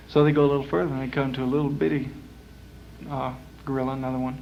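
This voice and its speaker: A man's voice: mid-range voice, flat delivery, quick pace, gravelly, a little mellow. Man, stage jokester, folksy rambler, muffled live tape from a small club, faint hiss. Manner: rambling, folksy, many uhs. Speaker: performer. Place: small lounge.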